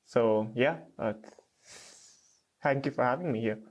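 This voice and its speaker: A young man, a podcast guest, speaking slowly and hesitantly with stutters, repeats and many fillers. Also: medium pitch, dull audio. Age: young adult. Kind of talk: podcast interview.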